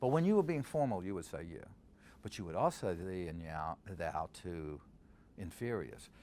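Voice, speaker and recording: Older man, low voice, lively intonation, theater director, recites verse in an interview. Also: normal speed. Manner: animated, quotes verse aloud to show stresses. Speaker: Shakespeare scholar and director. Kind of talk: interview answers.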